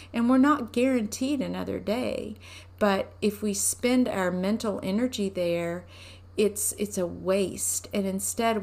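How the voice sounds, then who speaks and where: Woman doing a devotional talk at home, middle-pitched voice, easygoing, keeps asking the listener questions. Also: vocal fry. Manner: unhurried, asks listeners rhetorical questions. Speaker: devotional teacher. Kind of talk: conversational devotional teaching.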